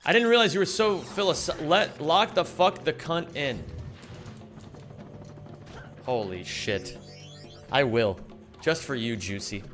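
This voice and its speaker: A man's voice: a little high, animated, slow, pauses often, a bit bright, faint music behind. A young man streaming a speedrun, chatting casually with viewers, coaching himself and swearing freely. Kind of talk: casual livestream chat while speedrunning.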